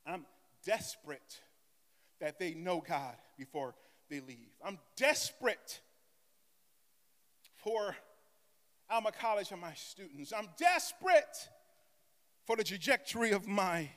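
A male pastor preaching a sermon dramatically, swinging between soft asides and loud cries and calling on the congregation to answer. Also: high-pitched, lively intonation, takes it slowly, pauses often, long reverb tail. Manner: call-and-response with the congregation.

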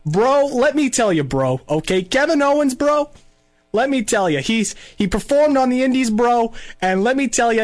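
Guy doing a cocky wrestling booker, high voice, says bro nonstop, all brag and swagger. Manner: cocky, repeats "bro" constantly. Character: brash boastful male wrestling booker. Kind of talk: podcast impression.

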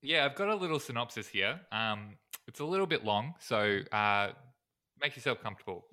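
A man co-hosting a podcast with a bright, forceful voice. He jokes his way through casual chat and laughs often, and his pitch sits in the middle range. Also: animated, moderate pace. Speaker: podcast co-host.

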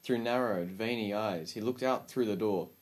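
Calm, low-voiced man narrating a storybook. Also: moderate pace. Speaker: audiobook narrator. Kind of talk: scripted audiobook narration.

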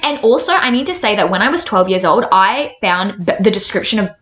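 A woman's voice: mid-range voice, a little fast. Woman, twenties, casual book chat, incredulous, rambling, echoey room. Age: 20s. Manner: animated, incredulous, rambling with many fillers. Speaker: book reviewer. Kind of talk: casual chat reading aloud from a novel. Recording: roomy echo.

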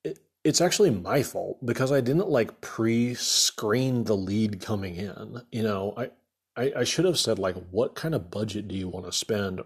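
Husky, exasperated contractor man. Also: on the low side, animated, moderate pace. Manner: exasperated, rambling, many fillers. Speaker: remodeling contractor. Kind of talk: casual storytelling rant.

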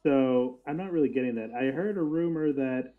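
A man's voice: mid-range voice, moderate pace, phone-quality sound. A man co-hosting a casual wrestling podcast, joking around, laughing often and swearing casually over a remote call. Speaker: podcast co-host.

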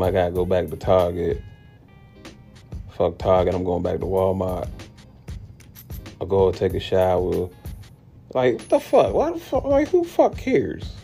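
A young man, hosting a podcast and ranting bluntly and profanely, often jumping into high incredulous tones. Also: vocal fry, dark tone. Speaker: podcast host. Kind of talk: casual podcast rant.

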